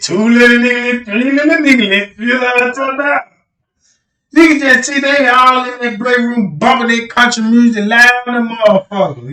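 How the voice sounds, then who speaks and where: A man's voice: sits high, pushed and bright, recorded from a distance. A man doing a rambling, profane livestream rant, repeatedly asking his listeners whether they know what he's talking about. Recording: roomy echo, speaking away from the mic.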